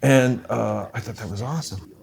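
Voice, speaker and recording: A man's voice: mid-range voice, normal speed, vocal fry. A man, a film composer and guest, telling stories in casual chat and acting out the people in them. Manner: animated storyteller, acts out phone voices. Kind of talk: casual storytelling while gaming.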